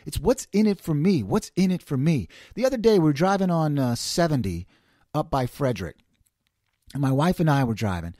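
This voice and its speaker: Animated man ranting with rhetorical questions. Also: on the high side, no echo, clean studio sound. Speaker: host. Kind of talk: opinionated solo commentary.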